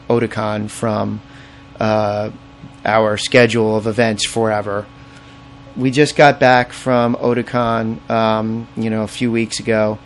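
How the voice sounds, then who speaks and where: A man's voice: lowish voice, vocal fry, a little hiss or hum. A man co-hosting a podcast, rambling in a laid-back, casual way. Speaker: podcast co-host. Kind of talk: casual chat.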